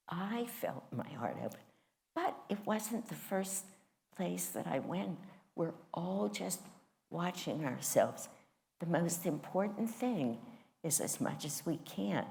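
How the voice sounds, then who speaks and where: Woman, spiritual class teacher, low voice, very expressive pitch, candid storytelling. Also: creaky. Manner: animated, candid and self-mocking. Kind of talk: personal storytelling in a class talk.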